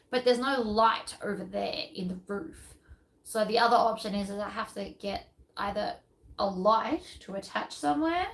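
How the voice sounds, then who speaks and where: A chatty woman hosts a casual live stream and thinks aloud as she goes. Her voice sits a little high. She rambles along, with plenty of ums and trailing half-thoughts. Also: a bit bright, poor audio. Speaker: sewing pattern designer hosting a live stream.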